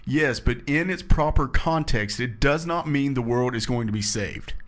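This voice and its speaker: A man's voice: mid-range voice, expressive, normal speed. A man leading a casual scripture discussion, reading verses aloud and explaining them in an earnest, emphatic way. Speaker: Bible study discussion leader.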